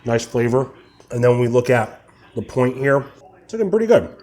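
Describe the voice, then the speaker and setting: A young man hosting his barbecue channel, chatting casually while tasting brisket and sometimes talking with his mouth full. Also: medium pitch, big pitch swings, darkish tone. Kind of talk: casual cooking vlog, tasting and reviewing.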